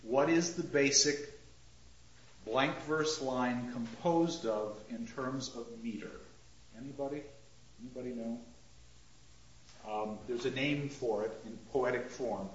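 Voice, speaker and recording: Slow, deliberate man lecturing a class. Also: mid-range voice, a little hiss or hum. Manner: asks the class questions, recites verse and taps out rhythms. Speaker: literature teacher. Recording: roomy, dull lecture recording.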